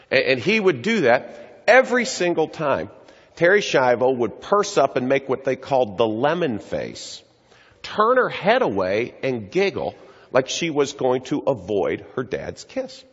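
A man's voice: mid-range voice, very animated, normal speed, fairly bright tone, breathy edge. A middle-aged man giving an earnest storytelling talk to an audience in a large hall. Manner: earnest, acts out quoted voices. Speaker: speaker addressing an audience. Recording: echoey hall, dull lo-fi sound.

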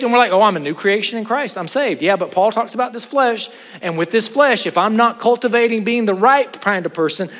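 A middle-aged man preaching a sermon to a chapel audience, animated, with joking asides and rhetorical questions. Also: very high-pitched. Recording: hall with long reverb.

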